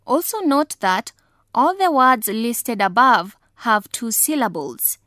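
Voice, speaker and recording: A woman with a slightly high voice gives a slow, carefully enunciated pronunciation lesson. She drills example words one at a time in a measured, deliberate way. The recording is close and dry. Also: pushed and bright, no echo. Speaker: English pronunciation teacher.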